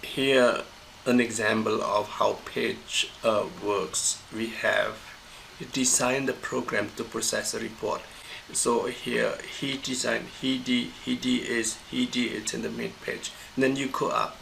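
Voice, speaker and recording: A man lectures on pronunciation in a patient, methodical way, circling back over his examples and fixing his own slips. His voice is strongly gravelly and full of fry, sitting at an ordinary middle pitch. A faint hum of noise runs under the recording. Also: level tone, sharp tone, poor audio. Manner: slow, methodical explaining with repeated examples and self-corrections. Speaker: university lecturer.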